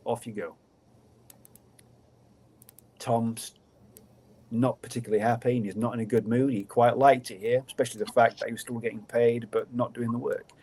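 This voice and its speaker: A man, a guest storyteller on a podcast, narrating a folk tale in a lively, dramatic way. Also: mid-range voice, fairly quick, breathy edge.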